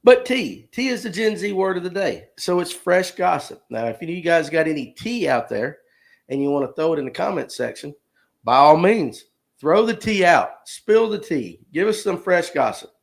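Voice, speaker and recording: A man in his fifties chats casually on a live stream, folksy and joking as he reads out viewer comments. His voice sits a little higher than most men's. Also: animated, brisk, creaky. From Georgia, US. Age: 50s. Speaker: livestream host.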